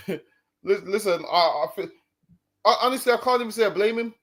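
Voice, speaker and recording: A man's voice: high-pitched, normal speed, fairly bright tone. A man talking casually, often restarting his sentences with repeated words. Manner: stammering restarts, conversational. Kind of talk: casual commentary.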